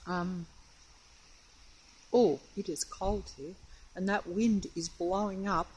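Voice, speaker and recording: A woman's voice: fairly low pitch, fairly even intonation, slow pace, darkish tone, husky, poor audio. An Australian woman narrating a casual phone video outside on a windy, rainy street, talking in a hesitant, rambling, wary way. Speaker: vlogger. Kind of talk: casual filmed commentary. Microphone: mobile phone camera.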